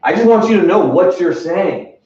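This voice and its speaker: A man's voice: sits high, animated, normal speed, a little mellow. A man leading a sales training session in an emphatic coaching manner, often checking in with "right?". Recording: distant, echoey room, dull sound.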